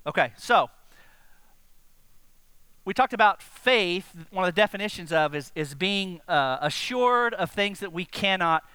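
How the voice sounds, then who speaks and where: A man preaching a sermon to his congregation, animated and direct, often asking them questions. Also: sits high, unhurried, clear, resonant tone, no echo. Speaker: pastor.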